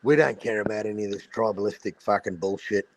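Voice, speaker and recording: A man's voice: fairly low pitch, fast. An Australian man hosting a casual boxing livestream over a video call, blunt and swearing freely in Aussie slang. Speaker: boxing talk show host.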